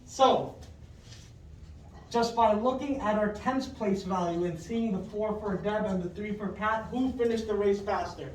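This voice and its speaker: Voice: mid-range voice, unhurried. A classroom teacher runs a math lesson, repeating each question patiently and praising pupils by name. The voice sounds distant and bounces around a roomy classroom, with a faint noise underneath. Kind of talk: fifth-grade math lesson.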